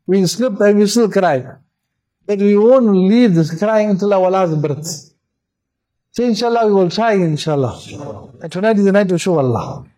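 Male mufti, sermon delivery, high-pitched voice, fervent and repetitive. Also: dark tone, low-quality recording. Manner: impassioned, repetitive exhortation. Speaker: mufti preaching.

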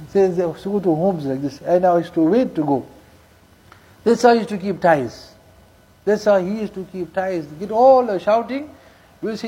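Husky high-voiced male preacher. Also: fairly quick, dark tone, low-quality recording. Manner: storytelling with Urdu and Arabic religious terms mixed in; repeats lines for emphasis. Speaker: Islamic preacher. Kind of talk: sermon.

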